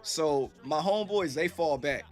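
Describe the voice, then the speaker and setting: A man and gaming streamer telling stories to viewers in a casual, animated, profane way. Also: a little high, measured pace, soft background music. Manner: animated, profane, acts out quoted voices.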